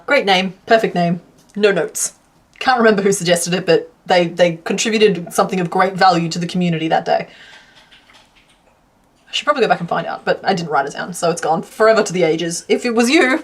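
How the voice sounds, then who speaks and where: A woman chatting casually to her stream from home while she crochets, laughing often and counting stitches out loud. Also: lowish voice. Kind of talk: casual livestream chat.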